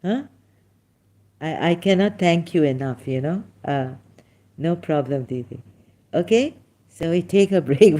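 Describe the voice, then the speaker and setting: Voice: medium pitch, unhurried, warm tone. A livestream host effusively thanking a viewer, repeating the thanks, laughing often and slipping into Hindi phrases.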